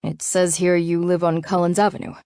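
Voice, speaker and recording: A woman's voice: lowish voice, little pitch movement, fairly quick, mellow, clear, resonant tone, dry recording, studio quality, natural voice. A woman doing a coaxing, worried young man. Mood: coaxing, urgent. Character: worried, helpful young man, the owner's brother.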